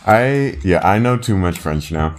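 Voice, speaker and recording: A man's voice: low voice, expressive, a little slow. A man co-hosting a casual, playful chat and laughing often. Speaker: co-host.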